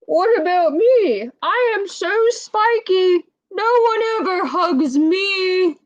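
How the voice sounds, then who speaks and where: A woman's voice: very high-pitched, animated, takes it slowly, no room sound, highs cut off, pitched above the performer's own voice, heavily acted. A woman voicing a sad, lonely male porcupine in a children's storybook reading. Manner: plaintive, self-pitying.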